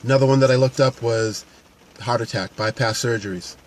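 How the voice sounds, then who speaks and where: Here the paramedic and fitness coach has a mid-range voice and speaks a little fast, with a little hiss or hum. It's a casual, earnest talk to camera, unscripted and full of restarts.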